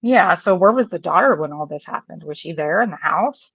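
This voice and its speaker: Lower-pitched woman asking lots of questions, casual, thinking out loud, dry sound. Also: expressive, fairly quick, breathy edge, dry recording, dull audio. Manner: curious, asks many questions, thinks aloud. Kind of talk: casual true crime discussion. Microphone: laptop video call.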